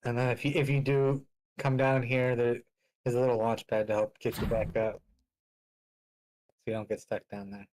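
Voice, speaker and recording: A man casually explaining his virtual world step by step, easygoing and a little halting. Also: medium pitch, level tone, darkish tone, low-quality recording.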